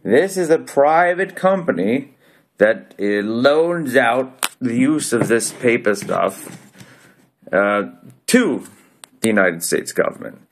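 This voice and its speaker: Holding coins up to the camera, a male video host talks about them casually in a put-on accent. His medium-pitched, expressive voice goes slowly, and his rambling keeps stopping and starting over.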